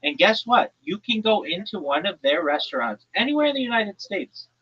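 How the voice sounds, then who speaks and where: A man from New Jersey, hosting a livestream and ranting crudely in a loud, brash, profane comedic tone. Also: high voice, very animated, normal speed, slightly rough, muffled recording. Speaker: livestream host.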